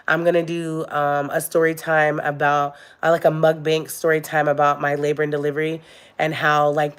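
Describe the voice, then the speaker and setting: Young woman on a live vlog, low voice, open and emotional, lots of ums. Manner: candid and emotional, many fillers. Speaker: vlogger. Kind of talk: casual live-stream chat.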